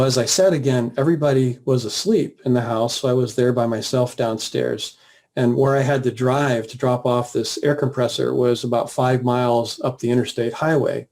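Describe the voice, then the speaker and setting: A man guest earnestly recounting a personal story in a plain, steady way, with the odd filler. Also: medium pitch, creaky. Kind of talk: personal testimony, casual storytelling.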